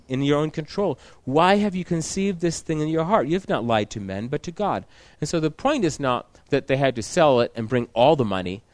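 Male preacher, mid pitch, reads scripture then unpacks it, dry close recording. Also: dry recording. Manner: reads scripture aloud then explains it with repeated restarts. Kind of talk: sermon with scripture reading.

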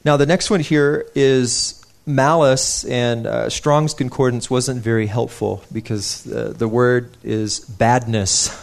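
A man's voice: medium pitch, fairly even intonation, slow pace, vocal fry, few pauses. Earnest young man preaching a sermon. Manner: earnest, conversational, with frequent restarts and personal stories.

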